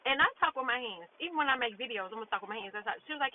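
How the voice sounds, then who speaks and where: A woman's voice: high voice, lively intonation, very fast, hardly any pauses. A woman telling a work story in a blunt, profane, frustrated casual rant, acting out what others said. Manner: blunt, profane, frustrated, retelling with quoted dialogue. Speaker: vlogger. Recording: tinny phone-like audio with faint noise.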